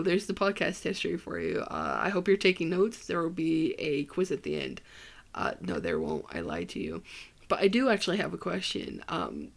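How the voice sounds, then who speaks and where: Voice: medium pitch, creaky. A young adult from Ohio with a Midwestern American accent, hosting a casual solo podcast in a rambling, joking, self-deprecating way. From Ohio, USA. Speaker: podcast host.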